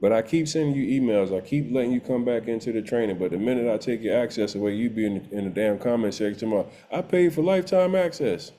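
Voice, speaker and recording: Blunt, profane man with a mellow voice. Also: lowish voice, fast, hardly any pauses, a little hiss or hum. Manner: blunt, profane, exasperated, laughs often. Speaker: real estate coach. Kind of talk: unscripted rant to course students.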